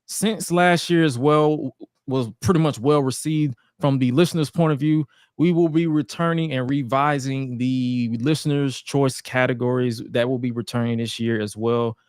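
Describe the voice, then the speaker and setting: A man's voice: medium pitch, steady tone, moderate pace, darkish tone, clear, resonant tone, no echo, clean studio sound. A man hosting a wrestling and sports podcast live, talking in a laid-back, slangy way and calling out to his listeners. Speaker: podcast host. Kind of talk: casual sports podcast chat.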